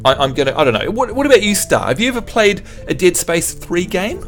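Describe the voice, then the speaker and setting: A man's voice: sits high, very animated, a little fast, faint music behind. A man from New Zealand livestreaming a game, chatting in a jokey, self-mocking way with his viewers. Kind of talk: casual chat with viewers.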